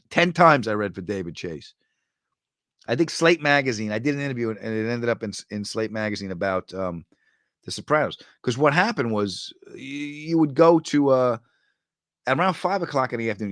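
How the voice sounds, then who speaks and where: A middle-aged man hosting a podcast, chatting casually, telling animated stories and tossing off quick quips. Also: mid-range voice, no room sound, clean studio sound. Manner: animated storyteller, quick quips and movie-line impressions. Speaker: podcast host. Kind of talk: casual chat reading viewer comments.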